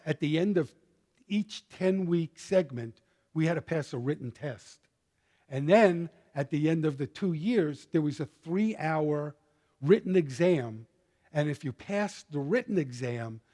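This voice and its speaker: Husky older man giving a sermon. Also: fairly high pitch, in a large hall. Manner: storytelling, growing soft and hushed when moved. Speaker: minister. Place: church sanctuary.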